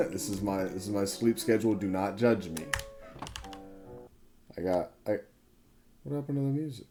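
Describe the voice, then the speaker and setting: Soft background music plays as a sleep-deprived gaming creator in his twenties, up all night, rambles casually over his gameplay. He pauses often, corrects himself a lot and swears freely, his warm, lowish voice keeping a moderate pace.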